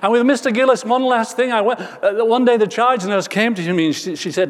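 A man's voice: high voice, a little fast, hardly any pauses, long reverb tail. A man preaching a sermon, telling a personal story and rising to emphatic preaching.

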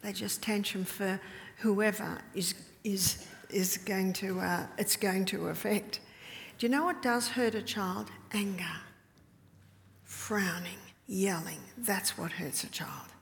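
A woman's voice: mid-range voice, slow, gravelly, a little hiss or hum. A woman, a mother of several children, telling stories to an audience at a health retreat. She often laughs and drops her voice to a whisper to stress a point. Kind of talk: storytelling talk to an audience. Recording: long hall reverb.

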